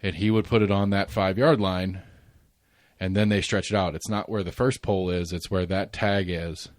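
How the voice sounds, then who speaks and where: A man's voice: sits low, steady tone, moderate pace, no room sound. A man in his forties hosting a casual podcast chat, rambling through stories with restarts and laughs. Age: 40s. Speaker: podcast host.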